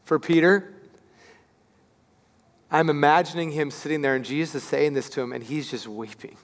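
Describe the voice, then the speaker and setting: A male pastor delivers an Easter sermon with a high voice and a long reverb trailing his words. He acts out voices as he tells the story and moves from near-whispers to shouts. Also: normal speed. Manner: animated storytelling, acting out voices, swinging from hushed to shouting.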